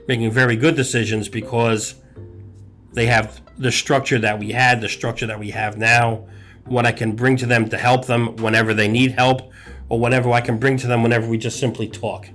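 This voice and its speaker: A middle-aged man, a hospital executive, talking earnestly and at a measured pace about balance on a podcast, building his points in short listed phrases. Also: medium pitch, a bit bright. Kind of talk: reflective podcast talk.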